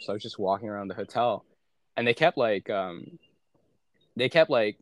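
A man's voice: on the low side, animated, normal speed, dry recording. A young man and former aid worker chatting casually as a podcast guest, rambling with many filler words and frequent swearing. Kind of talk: casual chat.

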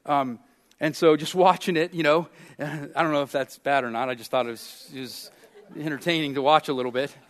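A man preaching a sermon as pastor, telling stories with lively swings between loud and soft. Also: fairly high pitch, brisk.

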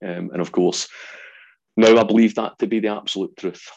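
A man in his forties with a Glaswegian Scottish accent, a guest telling stories from his life in a lively way with lots of ums. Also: fairly low pitch, normal speed, gravelly, muffled recording. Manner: animated storyteller, acts out quotes, frequent ums. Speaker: guest, ex-soldier. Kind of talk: storytelling in an interview.

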